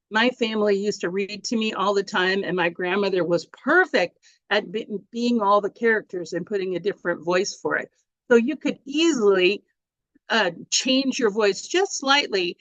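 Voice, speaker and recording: A woman's voice: mid-range voice, no room sound, muffled recording. Chatty woman teaching on a video call. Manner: chatty, animated, with frequent restarts. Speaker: workshop presenter. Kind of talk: speaking workshop on storytelling.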